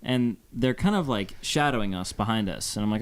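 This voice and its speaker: Young man, low voice, casual podcast storytelling, rambling, lots of fillers. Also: lively intonation, brisk, clean tone. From Phoenix, Arizona. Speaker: podcast co-host. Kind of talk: casual chat.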